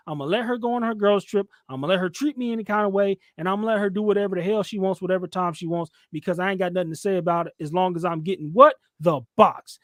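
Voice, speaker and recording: A man hosts a podcast, and his talking voice sits high. He preaches and lectures with heavy emphasis, and he mocks people in squeaky put-on voices. The sound is close and dry. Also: fast talker, few pauses, a bit bright, no echo. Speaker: channel host. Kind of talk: heated commentary chat.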